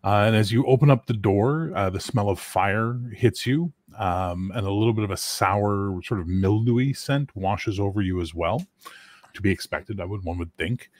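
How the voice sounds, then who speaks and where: A man's voice: fairly low pitch, normal speed, a little mellow, dry recording. A man running a tabletop game as game master, narrating scenes loosely and correcting himself as he goes.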